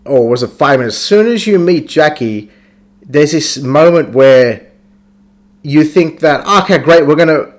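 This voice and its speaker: A man's voice: animated, unhurried. A man on a podcast, ranting about a video game in a crude, profane, mocking way. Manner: crude, swears constantly, mocks characters in squeaky voices. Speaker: podcast host reviewing a game. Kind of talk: casual profane rant.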